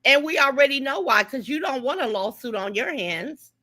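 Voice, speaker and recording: A woman's voice: sits high, lively intonation, moderate pace, sharp tone. A middle-aged woman, hosting a casual livestream, sassy and greeting viewers by name. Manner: sassy, greets viewers by name, calls them "y'all" and "baby". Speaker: livestream host. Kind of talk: casual live-stream commentary.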